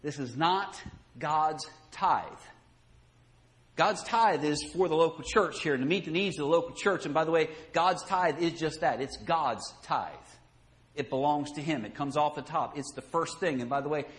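High-voiced folksy male preacher. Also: normal speed. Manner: folksy preaching with rising emphasis and chuckles. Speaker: pastor teaching a Sunday school lesson. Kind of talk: sermon.

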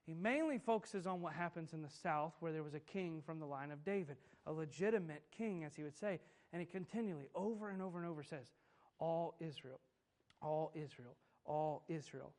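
A man's voice: a little high, quick pace, few pauses, darkish tone. A man preaching a sermon, emphatic and repetitive, asking rhetorical questions of his listeners. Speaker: pastor.

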